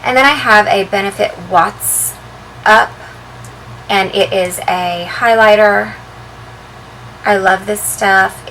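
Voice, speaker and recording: Chatty woman with a bright voice. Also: medium pitch, slow, pauses often, a little hiss or hum, low-quality recording. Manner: chatty, relaxed, with frequent ums and uhs. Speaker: beauty and handbag vlogger. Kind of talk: casual show-and-tell vlog.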